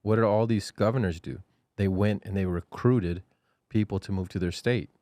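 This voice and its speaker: A man's voice: lowish voice, moderate pace, dark tone, no echo. A man co-hosting a comedy podcast, chatting casually in a laid-back, easily amused way. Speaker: podcast co-host.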